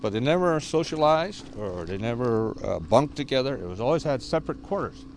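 An older man gives a storytelling tour and reads aloud from his own book, pausing often on "uh" between phrases. His pitch sits in an ordinary middle range for a man. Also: very animated, slight background noise. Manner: hesitant, with frequent uh pauses. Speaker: author and tour guide.

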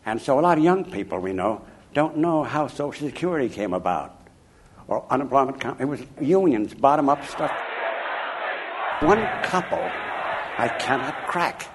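An older man from Chicago, an author interviewed about his life, telling anecdotes in an emphatic, animated way. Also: medium pitch, moderate pace, a faint crowd, a little hiss or hum. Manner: animated, emphatic, chuckling raconteur. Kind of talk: anecdotal storytelling.

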